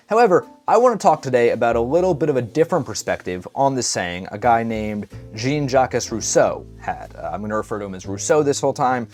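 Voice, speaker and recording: Male podcast host, casual solo talk, rambling, self-deprecating, faint guitar music behind. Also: mid-range voice. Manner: rambling, self-deprecating, chatty with filler stutters.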